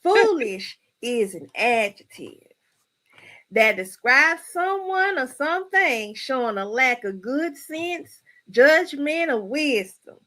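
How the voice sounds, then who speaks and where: A woman hosts a folksy word-of-the-day segment on a live stream. She talks in a sassy, gossipy way and keeps calling out to her viewers. Her voice sits high and swings widely in pitch. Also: takes it slowly. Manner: animated, sassy and gossipy, addresses viewers as y'all.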